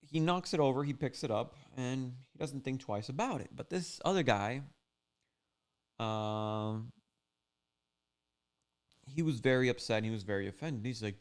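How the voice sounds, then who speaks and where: Easygoing male fishing host, loose rambling storyteller, smooth resonant tone. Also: mid-range voice, normal speed. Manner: rambling, laid-back, full of "like" and "you know". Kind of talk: casual storytelling recap.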